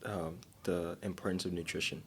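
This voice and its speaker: A man's voice: sits low, little pitch movement, moderate pace, a bit bright, slightly rough. A young man co-hosting a podcast, talking earnestly in casual chat and chiming in with short replies. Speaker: podcast co-host.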